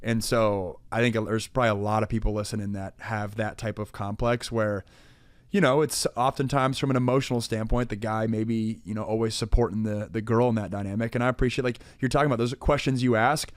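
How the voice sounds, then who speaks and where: A man's voice: lowish voice, fairly even intonation, brisk, no room sound. Laid-back young man, dry close sound. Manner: laid-back, joking, talks in long rambling runs. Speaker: podcast co-host. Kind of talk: casual couple chat.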